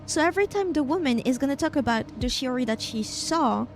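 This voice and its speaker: High-voiced woman streamer musing over game choices. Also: lively intonation, a little fast. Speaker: streamer playing a story game. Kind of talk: casual game commentary. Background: game music.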